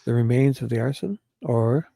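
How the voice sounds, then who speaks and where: A man hosting a casual livestream, soft-spoken and a little apologetic. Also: medium pitch, moderate pace, creaky, husky, no room sound. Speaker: livestream host.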